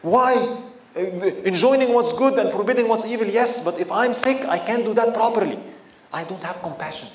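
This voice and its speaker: A man delivering a religious lecture with a fairly high voice, animated and full of rhetorical questions. The sound carries a clear echo from the room, with faint ambient noise underneath. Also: a little fast. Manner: animated, asks the audience frequent rhetorical questions. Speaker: Islamic teacher.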